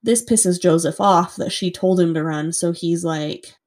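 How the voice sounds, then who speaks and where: Mellow low-voiced woman telling a story. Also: a little slow. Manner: chatty, lots of "like", swears freely. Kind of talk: casual true-crime storytelling.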